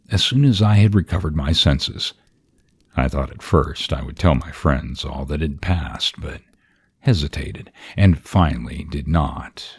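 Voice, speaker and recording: A man narrating a ghost story in a slow, hushed, partly whispered delivery. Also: very deep voice, slightly rough.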